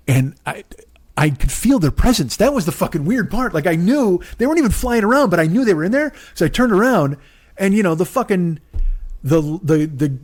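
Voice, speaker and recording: A man in his forties delivering a comedic monologue as a podcast host, full of cursing and exasperation. His voice sits fairly high for a man and climbs further when he rants. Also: no room sound. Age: 40s. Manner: profane, exasperated, swings into loud high rants. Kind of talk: profane ranting comedic monologue.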